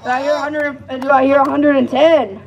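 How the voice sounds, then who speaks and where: A man's voice: extremely high pitch, fairly even intonation, brisk, gravelly, dull audio. A man calling bids at a live auction, coaxing and pleading with the crowd and repeating each price. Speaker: amateur auctioneer.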